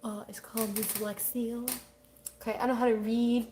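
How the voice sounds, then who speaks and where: A woman co-hosting a casual livestream, reading chat comments aloud quickly and laughing often. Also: fairly high pitch, level tone, mellow, slight background noise.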